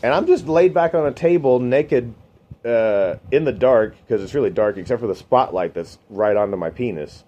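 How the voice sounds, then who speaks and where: A man telling a long comic story in a deadpan, rambling way, swearing often. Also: normal speed. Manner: deadpan, rambling, swears a lot, voices others in a raised pitch. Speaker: storytelling comedian. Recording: dull lo-fi recording with faint noise.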